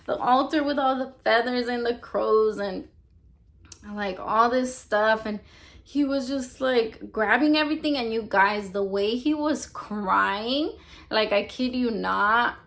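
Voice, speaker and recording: A woman's voice: a little high, takes it slowly, fairly bright tone. A young woman telling her personal religious testimony in a casual, rambling way, filling her speech with "like" and "you know.". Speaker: vlogger sharing a religious testimony.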